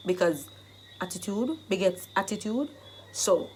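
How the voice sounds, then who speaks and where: A woman with a Jamaican accent who teaches Jamaican phrases in a casual vlog, explaining them and acting them out in lively bursts. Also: mid-range voice, moderate pace.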